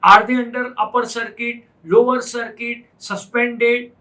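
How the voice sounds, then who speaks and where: A finance instructor with an Indian English accent lectures unhurriedly in an extremely high, pushed, bright voice with a flat delivery, on a rough recording. He emphatically repeats his points and asks rhetorical questions.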